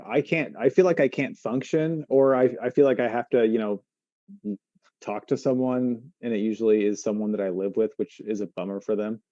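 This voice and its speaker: Podcast guy with a real dark voice, keeps restarting sentences, muffled dry sound. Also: mid-range voice, dry recording. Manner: halting, restarts often while working through feelings. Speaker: podcast co-host. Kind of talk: casual chat.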